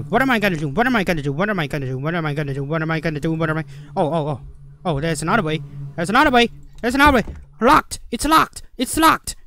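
A gamer commenting on a horror game in broken, second-language English, swearing and shouting at the screen. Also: mid-range voice, slight background noise. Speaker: let's play gamer.

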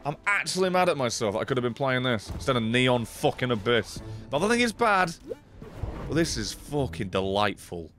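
A man streaming a video game, chatting and swearing excitedly, swinging from low mutters to sudden yelps. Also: normal speed, soft background music. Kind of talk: casual gameplay commentary.

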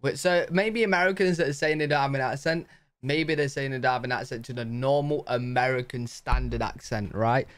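A man's voice: medium pitch, fairly even intonation, a little fast, a bit bright, smooth, no room sound. A British man hosting a reaction video, chatting casually and rambling as he reacts. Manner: chatty, rambling, says "bro" a lot. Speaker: reaction channel host.

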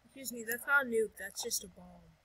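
A woman's voice: fairly high pitch, a little fast, pushed and bright, husky, rough recording. A woman giving casual, playful commentary over her gameplay, talking to herself and dropping whispered asides.

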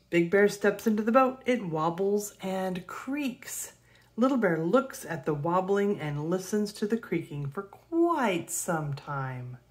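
A woman reading a children's picture book aloud in a gentle, expressive way. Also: on the low side. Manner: gentle, expressive read-aloud with gasps and soft laughs. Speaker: storybook reader.

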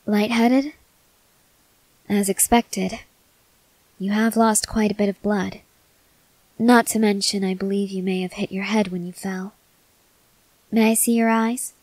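A woman voicing a calm, stoic young female soldier checking a wounded person, composed and matter-of-fact, in a whispered role-play. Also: mid-range voice, measured pace, long pauses, no echo, natural voice, low-quality recording.

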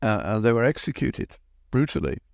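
A man's voice: medium pitch, big pitch swings, normal speed, gravelly, dry recording, studio quality. An older man giving a reflective podcast talk, telling wry, anecdotal stories. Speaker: podcast speaker.

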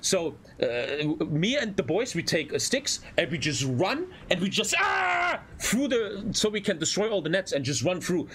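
A young German man with a German accent, chatting casually on a stream and telling animated stories with plenty of swearing. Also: a little high, moderate pace, few pauses, a little hiss or hum. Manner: animated storytelling, swears a lot, acts out voices. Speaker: streamer reacting to a video. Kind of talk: casual reaction stream chat.

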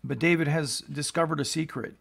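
A man's voice: on the high side, fairly quick, creaky, fairly bright tone. A male pastor reading scripture aloud and explaining it, in an earnest teaching tone that rises for emphasis. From United States.

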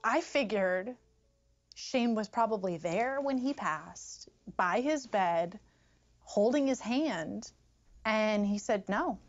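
A woman's voice: medium pitch, animated, takes it slowly. A woman with a mid-range voice retells events earnestly, acting out the bits of dialogue she quotes. The film audio sounds slightly muffled. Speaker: interviewee. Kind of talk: documentary testimony.

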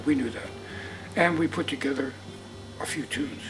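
A man's voice: fairly high pitch, moderate pace, over music, poor audio. Older man telling stories. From Brooklyn, New York. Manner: lively anecdotal storyteller, acts out dialogue. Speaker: interviewee musician. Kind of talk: storytelling interview. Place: indoors in Brooklyn.

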